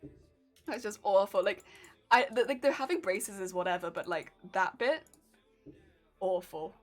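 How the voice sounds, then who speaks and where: A woman streamer chatting casually with her viewers, telling animated stories and laughing often. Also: mid-range voice, moderate pace, faint music behind. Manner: reads and answers viewer chat. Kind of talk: casual live-stream chat.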